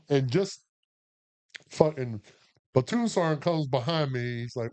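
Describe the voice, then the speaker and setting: Speaking at a measured pace with long pauses, a mid-range-voiced army veteran co-hosts a podcast. His war story is casual, profane and animated, with quotes acted out.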